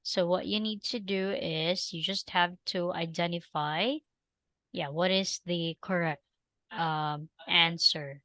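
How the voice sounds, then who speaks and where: A woman's voice: on the low side, fairly even intonation, slow, pushed and bright, no echo. A woman tutoring English over a video call, patiently explaining step by step with lots of fillers. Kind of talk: online language lesson. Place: small noisy room.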